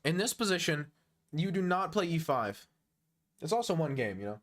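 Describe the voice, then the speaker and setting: His voice sits on the high side with a sing-song, fairly bright quality, moving at normal speed. The speaker, a twenty-one-year-old American man from the United States, chats and teases viewers on a chess-analysis stream, joking and chuckling often.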